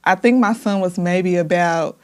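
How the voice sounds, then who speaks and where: A woman's voice: on the low side, measured pace, darkish tone. A young woman, a hairstylist guest on a podcast, telling her own life story in a candid, heartfelt way with many "like" fillers. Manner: emotional, heartfelt, frequent "like" fillers.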